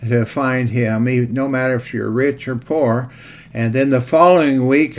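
A man who pastors and hosts a podcast, wrapping up the episode. He talks in a relaxed, plain-spoken way with a few fillers. His voice is mid-pitched. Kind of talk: casual podcast outro.

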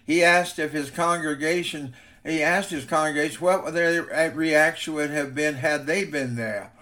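A man's voice: a little high, steady tone, unhurried, bright, forceful tone. A man preaching a sermon as a pastor, reading scripture and telling stories in an earnest way. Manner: earnest storytelling preacher, reads scripture aloud.

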